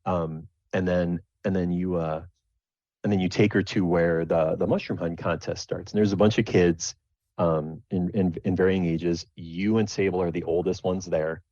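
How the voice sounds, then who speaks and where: A man's voice: low voice, fairly even intonation, normal speed, warm tone, no room sound. A man narrating a tabletop game as game master, rambling with many restarts. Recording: dull lo-fi dry recording.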